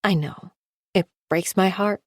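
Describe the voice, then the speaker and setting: A woman narrator voicing a gentle, tearful middle-aged aunt with a hippie air. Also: medium pitch, fairly even intonation, measured pace, no echo, studio quality, pitched above the performer's own voice, lightly acted.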